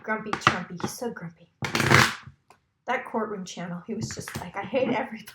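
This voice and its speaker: A woman's voice: mid-range voice, moderate pace, echoey room, noisy background. A woman psychic giving a casual, rambling tarot reading, talking straight to her viewers and swearing now and then.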